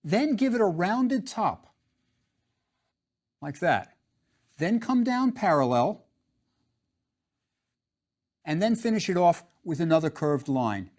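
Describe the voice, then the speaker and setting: A man's voice: high voice, expressive, slow pace, pauses often, darkish tone. A man teaching a drawing lesson, patient and step by step, repeating each instruction.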